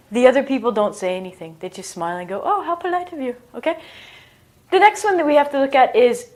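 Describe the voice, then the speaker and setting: A woman giving a casual English lesson in a playful, self-mocking way, acting out bodily noises as she explains them. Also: a little high. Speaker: English teacher.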